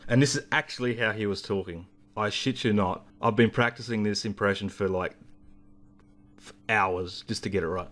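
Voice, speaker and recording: A man's voice: on the low side, moderate pace, a bit bright. Ranting, swearing man. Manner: ranting, rambling, heavy swearing. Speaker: vlogger. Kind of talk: ranting storytelling vlog.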